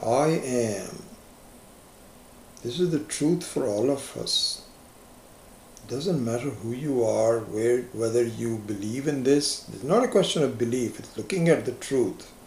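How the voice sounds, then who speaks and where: A man giving a slow, reflective spiritual lecture as a teacher, stressing key words with rising emphasis. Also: medium pitch, darkish tone, slight background noise. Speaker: Vedanta teacher. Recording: echoey lecture room.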